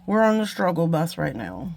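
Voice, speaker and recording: Chatty woman with a gravelly edge. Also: on the low side, very animated, normal speed, a little mellow, slight background noise. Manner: chatty, self-mocking, muttering asides while working. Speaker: beading channel host. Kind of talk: casual craft tutorial chat.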